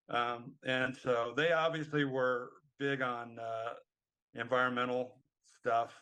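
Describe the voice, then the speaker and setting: A man's voice: medium pitch, steady tone, a little slow, pushed and bright, clear, resonant tone. A middle-aged man co-hosting a casual music podcast, talking in a rambling, hesitant way with many ums. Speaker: podcast co-host. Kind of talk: casual chat.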